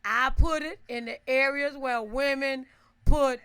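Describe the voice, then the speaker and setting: A high-voiced woman tells a story at an unhurried pace, casual and animated. She laughs often, keeps checking in with her listeners, and acts out her own shouts.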